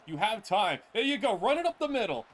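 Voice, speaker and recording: A gaming channel host giving live play-by-play commentary on a football video game, excitable and exasperated, often laughing in disbelief. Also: mid-range voice, fairly quick.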